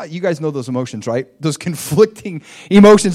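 A man's voice: fairly high pitch, animated, brisk, few pauses, a little mellow. A middle-aged man preaching a sermon, telling a personal story and acting out his own thoughts with energy.

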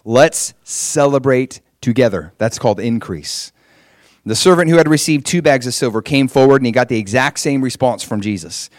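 A middle-aged man preaching a sermon in a conversational, animated way, acting out the voices he quotes. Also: medium pitch, a little fast, no echo, studio quality.

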